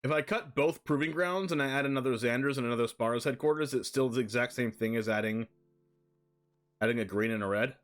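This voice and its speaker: A man chatting casually on a live stream, thinking aloud in quick rambling asides while building a card deck. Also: medium pitch, soft background music.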